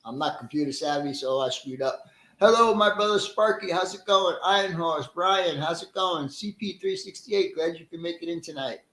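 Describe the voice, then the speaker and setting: A man's voice: a little high, normal speed, fairly bright tone, roomy sound, rough recording. A middle-aged man casually hosting a live stream, greeting viewers by name in a friendly, chatty way and laughing easily.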